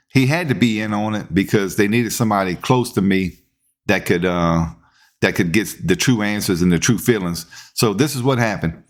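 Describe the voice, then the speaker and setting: A man, hosting a podcast and telling a work story in a casual, animated way, acting out what people said. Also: lowish voice. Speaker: podcast host, police officer.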